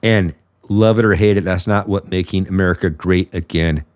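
A male podcast host talks in a fairly low voice. He rants bluntly and sarcastically through his political commentary, sounding openly indignant. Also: steady tone, moderate pace, dry recording.

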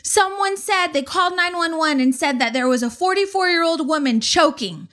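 A woman quoting a calm male paramedic who asks politely whether someone is choking. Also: extremely high pitch, moderate pace, pitched above the performer's own voice, heavily acted. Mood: concerned. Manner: politely repeating questions.

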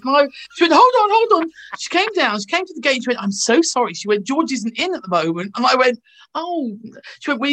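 Her voice sits high as this actress from England, a guest on a video call, shares lively anecdotes. She acts out the voices of the characters in her stories.

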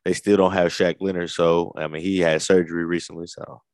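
A man co-hosting a casual sports talk show, giving his take in a relaxed, measured way. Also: deep voice, no room sound. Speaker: podcast co-host.

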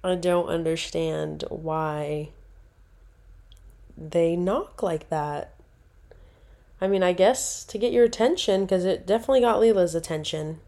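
Chatty woman with a mellow voice. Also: fairly low pitch, unhurried, gravelly, pauses often. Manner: rambling, chatty, self-correcting. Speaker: podcast host. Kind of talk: casual solo podcast talk.

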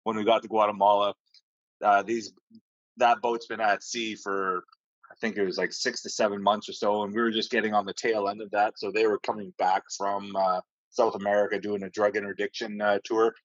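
A man with a lowish voice tells navy stories in a loose, rambling way, peppered with swearing and lots of "uh"s and restarts. The sound is dry and a bit dull, like a lo-fi recording. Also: flat delivery, brisk, dry recording. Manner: rambling, profane, many fillers and restarts. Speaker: podcast guest, navy sailor. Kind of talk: casual storytelling.

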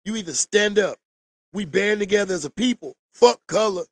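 A man's voice: sits high, animated, normal speed, no room sound, clean studio sound. A man ranting to the camera in a blunt, profane, preachy monologue. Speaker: vlogger. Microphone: camera mic.

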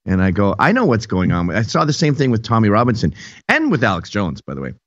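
A man hosting a podcast in casual comedic chat, mocking and animated. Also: fairly low pitch, fast, dry recording. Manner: animated, mocking, puts on voices. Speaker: podcast host. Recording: dull dry lo-fi studio sound.

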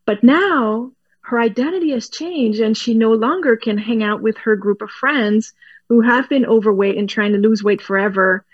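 A woman with a fairly high voice talks animatedly as an interview guest. She laughs often and restarts words as she explains. The recording sounds a bit dull and muffled. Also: moderate pace, no room sound. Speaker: guest expert.

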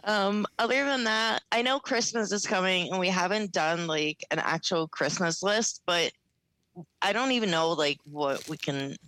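A woman's voice: on the low side, a little slow, a bit bright, no echo, low-quality recording. A woman co-hosting a casual podcast, rambling with many fillers. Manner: rambling, filler-heavy talk. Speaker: podcast co-host.

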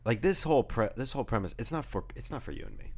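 A man's voice: mid-range voice, very animated, rapid-fire, husky. A young man co-hosting a casual chat, joking and rambling through stories. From Southern California. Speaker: podcast co-host.

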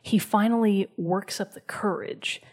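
A woman hosting a show, casually recounting a video game story and dropping into a soft whisper for emphasis. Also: mid-range voice, steady tone, measured pace. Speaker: show host.

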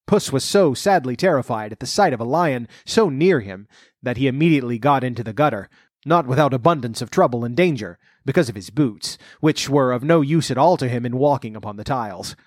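A man reading a fairy tale aloud in measured narration, then adding wry comments of his own. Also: mid-range voice, lively intonation, no echo, clean studio sound. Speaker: storyteller.

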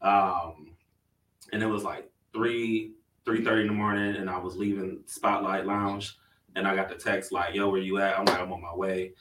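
A man with a low voice that carries a bright, forceful edge tells a story in a laid-back, hesitant way. He sits away from the microphone in an echoing room. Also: level tone, normal speed, far from the mic, slight background noise. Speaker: podcast co-host. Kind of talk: casual storytelling chat. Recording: roomy sound from off the mic.

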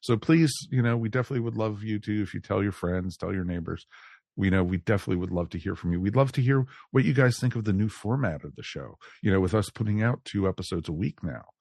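A man's voice: fairly low pitch, fast talker, creaky, a little mellow, no echo, studio quality. A man hosting a podcast, chatting in an upbeat way with lots of fillers. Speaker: podcast host. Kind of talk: casual chat.

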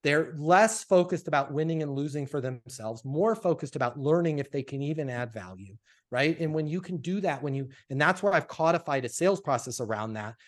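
A man, a sales coach being interviewed, telling stories in a casual, animated way and acting out the dialogue. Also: on the high side, a little fast. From Colorado, USA.

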